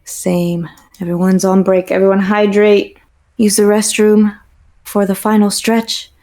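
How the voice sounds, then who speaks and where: A woman streamer in a relaxed, unhurried chat with her viewers. She talks in a playful, teasing way and drifts into silly improvised bits between game moments. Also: mid-range voice. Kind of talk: casual gaming stream chat.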